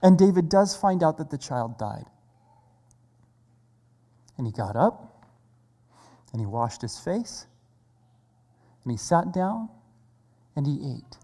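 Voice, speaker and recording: Slow, earnest preacher in a reverberant hall. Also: medium pitch, sing-song, warm tone. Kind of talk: sermon. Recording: long reverb of a large hall.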